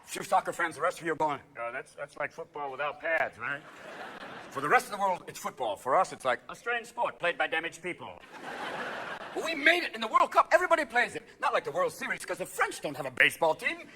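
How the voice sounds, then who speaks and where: A man doing a manic, rapid-fire live stand-up routine on a theatre stage, jumping in and out of voices as the audience laughs. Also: high-pitched, big pitch swings, pushed and bright, a little hiss or hum. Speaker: stand-up comedian.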